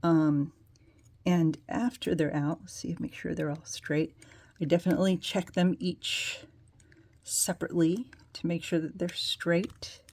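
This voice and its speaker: A woman's voice: fairly low pitch, little pitch movement, unhurried, a little mellow. A woman hosting a casual nail polish tutorial, chatty and rambling, with self-deprecating asides as she demonstrates.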